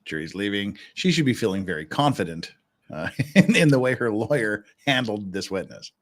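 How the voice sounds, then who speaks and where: A man's voice: on the low side, lively intonation, normal speed. A man hosting a casual livestream, chatting and joking with frequent restarts. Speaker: livestream host.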